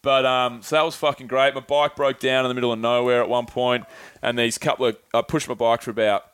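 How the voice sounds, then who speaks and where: A young man spins a travel story in an easygoing podcast chat. He swears freely and puts on quick voices for the people he quotes. His voice sits at an ordinary male pitch in a dry room with no echo. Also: level tone, a bit bright, smooth. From Australia. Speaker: podcast guest.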